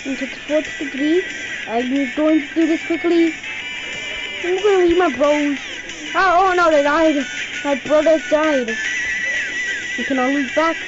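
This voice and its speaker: A woman from India giving excitable let's-play commentary, yelping and exclaiming as she plays. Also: high-pitched, a little slow, long pauses. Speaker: gaming channel host. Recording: dull lo-fi audio with game music. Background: game music.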